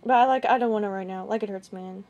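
A woman's voice: mid-range voice, a little mellow, dull audio. Rambling young woman vlogger. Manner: rambling, halting, many restarts and fillers. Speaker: gaming video creator. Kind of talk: casual vlog recounting a chat.

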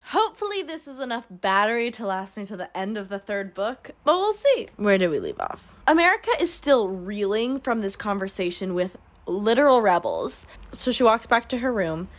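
Chatty young woman with a lively, sarcastic voice. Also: mid-range voice, normal speed, hardly any pauses. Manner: sarcastic, chatty, heavy use of "like". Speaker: book reviewer. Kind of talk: casual book recap. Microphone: camera mic.

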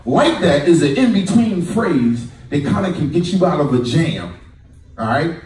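High, lively comedian in an echoey club. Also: male voice, measured pace. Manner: animated storytelling, acts out voices of friends. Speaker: stand-up comedian. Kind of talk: stand-up comedy routine. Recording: echoey club, mic far, crowd laughing. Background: audience laughter.

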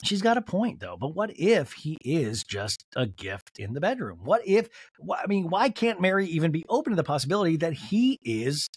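A man's voice: fairly high pitch, big pitch swings, normal speed, husky, no echo. A man hosting a comedic recap podcast, telling the story in a sardonic, profane, rambling way close to the mic. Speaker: podcast host.

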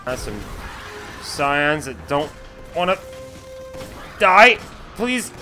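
A young man narrates his game in a high, bright voice. He gets excitable fast, yelling and cursing at whatever attacks him. Faint game music plays under his talk. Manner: excitable, yelling and swearing at enemies. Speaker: gamer playing a shooter. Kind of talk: let's play commentary.

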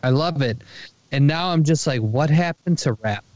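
A man's voice: fairly high pitch, normal speed, darkish tone, no echo, highs cut off. An American man co-hosting a podcast, bantering casually, swearing and joking as he argues his point. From United States. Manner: profane, joking, playfully argumentative. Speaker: podcast co-host.

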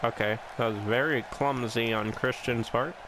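A man giving casual commentary over a wrestling video game, excitable and full of gasps, with joking, sarcastic asides. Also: medium pitch, moderate pace, noisy background. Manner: excitable, reacting with gasps and swearing. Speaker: gameplay commentator. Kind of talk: casual let's-play commentary.

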